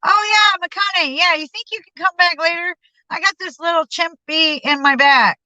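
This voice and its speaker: A woman voicing a brash, blunt man friend who talks loud and bossy. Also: extremely high pitch, moderate pace, dry recording, pitched above the performer's own voice, exaggerated voice. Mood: brushing off. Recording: dull lo-fi sound.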